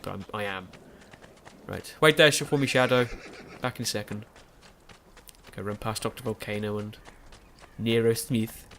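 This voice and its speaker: A man's voice: fairly low pitch, a bit bright, a little hiss or hum. Young male let's-player, stuffy nose, chatty and self-correcting. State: has a cold, nasal. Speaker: gaming YouTuber. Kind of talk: let's play commentary.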